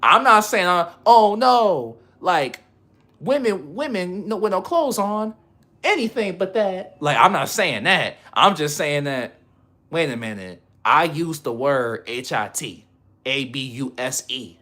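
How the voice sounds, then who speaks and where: Male livestreamer, bright ringing voice, casual rambling slang. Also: a little high, animated, measured pace. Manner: rambling, slangy, laughs often.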